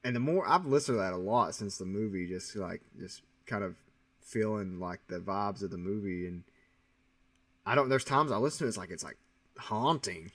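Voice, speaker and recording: A man's voice: fairly low pitch, moderate pace, fairly bright tone, husky, no echo. A man co-hosting a movie podcast, musing casually and reflectively about a film. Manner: musing, many fillers and restarts. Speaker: podcast co-host.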